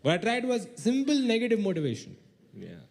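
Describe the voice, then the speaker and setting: A young man from India doing a stand-up comedy set, telling a story with sudden shouted outbursts and mock voices. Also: high voice, wildly swooping pitch, brisk, gravelly, a little hiss or hum.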